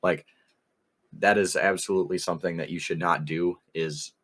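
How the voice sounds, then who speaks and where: A young male podcast co-host speaks at normal speed in a low, steady, slightly bright voice. Chatting casually, he rambles through an anecdote, laughs a lot, and quotes people with "I was like."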